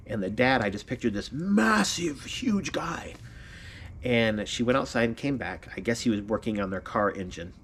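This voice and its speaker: A man tells a personal story to camera in an easygoing, animated way, his voice sitting at an ordinary middle pitch. He breaks into laughter often as he goes. Faint noise hums behind him. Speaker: vlogger.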